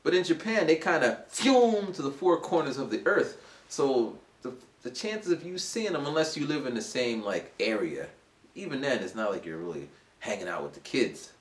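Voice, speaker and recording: A man around forty, an English teacher, casually telling a rambling story for his vlog. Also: moderate pace. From United States. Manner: animated, rambling, acts out voices in a high pitch. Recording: roomy echo.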